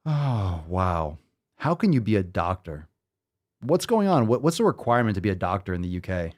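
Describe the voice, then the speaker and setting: A man's voice: sits low, big pitch swings, a little fast. A man hosting a show, talking in casual, profane, rambling commentary with a sarcastic, exasperated edge. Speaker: show host. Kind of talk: livestream commentary.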